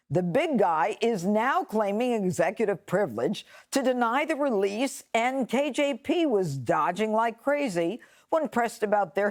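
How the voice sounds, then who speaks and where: A woman opens a panel show with a scripted, punchy lead-in and a mocking edge. Her pitch sits mid-range but rises and falls with a lot of movement.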